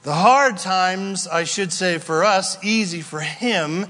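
A man preaching a sermon as pastor, animated and playful, acting out voices and asides. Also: sits high, takes it slowly. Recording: long hall reverb.

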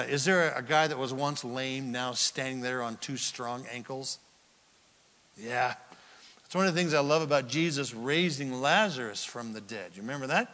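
A man whose voice sits on the high side preaches in a large, reverberant hall. He questions the congregation and answers for them in a theatrical, teacherly style, alternating loud outbursts with near-whispers.

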